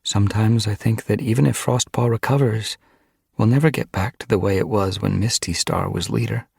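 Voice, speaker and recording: A man voicing a worried, stubborn female medicine cat in a storybook reading, raising his voice high and pleading. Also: fairly even intonation, normal speed, creaky, a little mellow, husky, dry recording, clean studio sound, full character voice. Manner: raised pitch for a she-cat, earnest and pleading.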